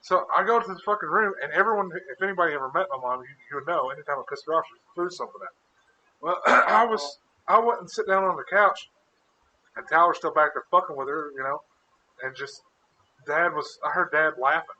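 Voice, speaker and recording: A man's voice: a little high, fast talker, muffled recording, background noise. A man co-hosting a casual podcast who tells rambling, crude stories and laughs often. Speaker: podcast co-host. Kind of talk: casual storytelling chat.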